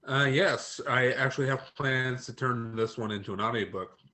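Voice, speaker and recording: A man, an author being interviewed on a podcast, speaking hesitantly with many pauses and ums. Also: medium pitch, sharp tone, a little hiss or hum. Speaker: author guest. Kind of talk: casual interview chat.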